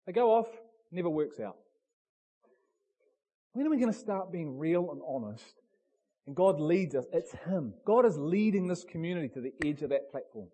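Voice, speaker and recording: A male pastor preaches a passionate sermon. He speaks bluntly and fires direct questions at the congregation. His voice sits high and comes through husky. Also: animated, moderate pace, pauses often, dark tone.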